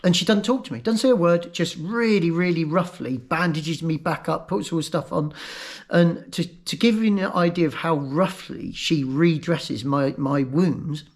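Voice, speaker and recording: A man telling his own story in a halting, emotional way, often repeating words. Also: fairly high pitch. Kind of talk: personal storytelling.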